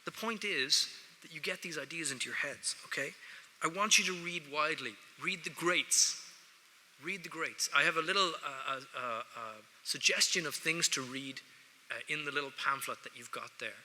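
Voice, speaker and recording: This Irish man's pitch is a little high, his pace fairly quick and his tone sharp. He delivers a wry, jokey speech to students at an award ceremony, speaking straight out to the audience from a lectern in a large, echoey ceremony hall.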